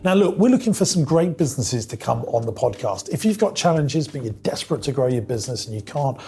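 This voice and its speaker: A podcast host delivers an upbeat, scripted sign-off straight to his viewers. His mid-range voice has a gravelly, creaky texture. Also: medium pitch, big pitch swings, fast, mellow, a little hiss or hum. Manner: upbeat, direct address to viewers. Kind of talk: scripted outro to camera.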